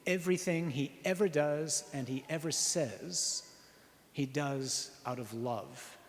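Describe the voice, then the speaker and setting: A priest giving an earnest sermon, slowing down on key phrases and asking the listeners rhetorical questions. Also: male voice, a little high, slight background noise. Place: church. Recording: reverberant church hall.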